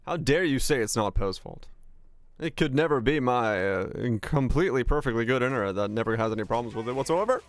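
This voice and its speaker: A man's voice: medium pitch, lively intonation, brisk. A man streaming a video game, chatting casually in a laid-back, joking and sarcastic way, sleepy and yawning. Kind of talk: casual live-stream chat while gaming.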